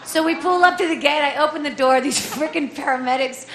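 Woman, 40s, comic storyteller; high, bright voice, animated delivery, echoey room. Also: brisk. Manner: lively, animated, acts out voices of others. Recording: echoey room with faint ambience.

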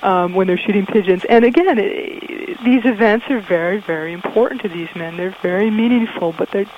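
A woman's voice: medium pitch, normal speed, slight background noise. A woman guest in a radio interview, explaining in a thoughtful way with frequent ums, heard through dull, muffled audio.

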